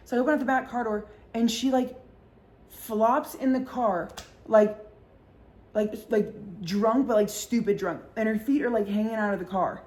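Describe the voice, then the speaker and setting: A woman's voice: on the high side, moderate pace, darkish tone. A woman in a casual storytime chat, rambling with constant fillers and heavy swearing and acting out the voices of people she quotes. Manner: acts out voices in quoted dialogue. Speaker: vlogger.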